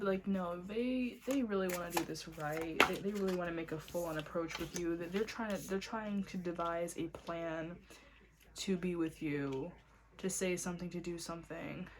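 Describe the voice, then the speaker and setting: A woman giving a casual tarot reading in a blunt, excitable way, cursing often. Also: fairly low pitch, a little hiss or hum. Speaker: tarot reader.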